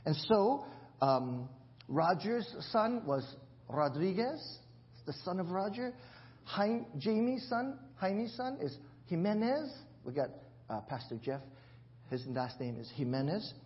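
A man's voice: high-pitched, lively intonation, slow pace, dull audio. A male pastor giving a conversational sermon, asking the congregation questions and joking about himself. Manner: jokes and laughs at himself. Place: church.

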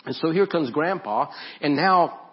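A man preaching a sermon and leading prayer as a pastor, earnest and repeating his phrases, dropping to a hush when he prays. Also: fairly high pitch, expressive, unhurried, muffled recording. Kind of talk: sermon and altar-call prayer. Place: church sanctuary.

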